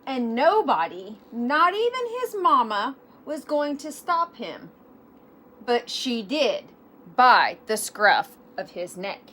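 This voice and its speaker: A woman reading a children's picture book aloud, animated, with self-deprecating asides. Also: a little high, slow. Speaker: storybook reader.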